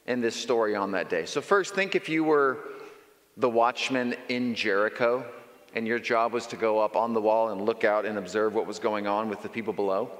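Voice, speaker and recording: Man preaching in an echoing hall. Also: medium pitch. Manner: lively storytelling, conversational with asides. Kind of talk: sermon. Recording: long reverb in a large hall.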